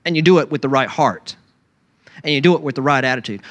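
A man's voice: a little high, fast. A man preaching a sermon, often asking "right?" of his listeners and briefly acting out other people's voices. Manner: animated, acts out mocking voices of people; repeats "right?" to the congregation.

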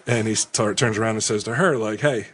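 A man telling a rambling story in casual chat, crude and animated, acting out the people he quotes. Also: lowish voice, a little fast, slightly rough.

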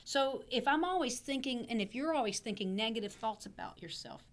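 A woman pastor talks on a podcast with a voice made hoarse by laryngitis. She teaches in a loose, chatty way, repeating words and clearing her throat. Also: a little high, animated, fairly quick. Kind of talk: casual teaching chat.

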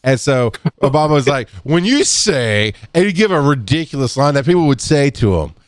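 Blunt, animated man hosting a podcast. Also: brisk, dry recording, clean studio sound. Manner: blunt and animated, swings up in pitch when fired up; laughs often and clears throat. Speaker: podcast host and EMS educator. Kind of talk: casual podcast chat.

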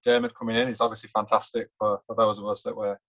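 A man in a casual football chat, speaking in a measured, hesitant way. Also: fairly low pitch, big pitch swings, vocal fry, a bit bright. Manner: measured, hesitant, many fillers and restarts. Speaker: podcast co-host.

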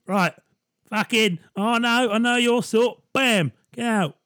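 A man's voice: very high-pitched, takes it slowly, sharp tone, no echo, clean studio sound, voice pushed up, full character voice. A man voicing a cheeky, swaggering male white blood cell, chirpy and sweary. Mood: cocky.

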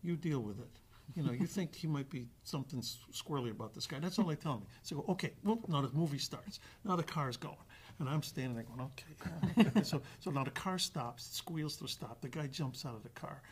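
A man telling a guest anecdote in an animated way, acting out the voices of the other people with frequent restarts. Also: on the high side, quick pace, husky. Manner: acts out quoted dialogue with restarts. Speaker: actor guest.

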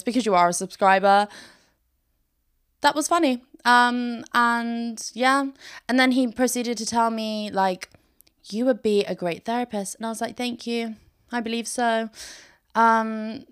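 Sitting on the floor of her bedroom, a young female podcast host keeps things casual, bubbly and full of overshares, with frequent laughter between sentences. Her voice is a little high, smooth, and fairly bright.

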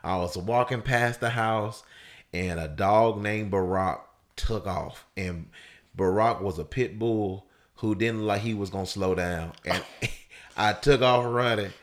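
A man in casual conversation telling a personal story, loose and full of fillers, his voice leaping high when he acts out people shouting. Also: unhurried. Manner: animated storyteller, voice jumps up high for quoted shouts. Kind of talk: casual chat.

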